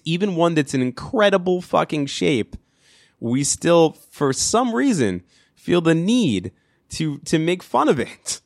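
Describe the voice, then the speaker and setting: A man's voice: medium pitch, dry recording. New york guy cussing through a solo podcast rant, rambly, dry close mic. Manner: crude, swearing, rambling with restarts. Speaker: podcast host.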